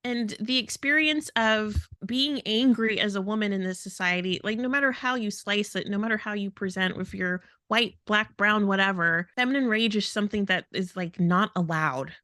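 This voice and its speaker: A woman's voice: medium pitch, moderate pace, few pauses, pushed and bright, no echo, studio quality. A woman co-hosting a podcast in casual talk, speaking in an emphatic, indignant way. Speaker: podcast co-host.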